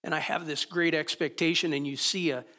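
A man's voice: a little high, steady tone, brisk, sharp tone. A man preaching a sermon as pastor, in a conversational way with rhetorical questions.

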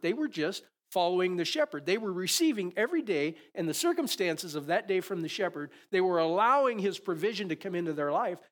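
A man's voice: fairly high pitch, fairly bright tone. A man preaching a sermon in a conversational, storytelling way, building to emphatic peaks. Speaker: pastor.

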